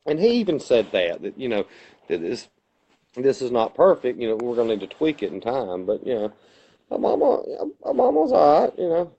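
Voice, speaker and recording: A man's voice: mid-range voice, fairly quick, lo-fi sound. A man co-hosting a casual podcast, chatting and retelling stories eagerly with lots of fillers and restarts. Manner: animated storyteller, retells debate moments with many fillers and restarts. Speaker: podcast co-host. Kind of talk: casual chat.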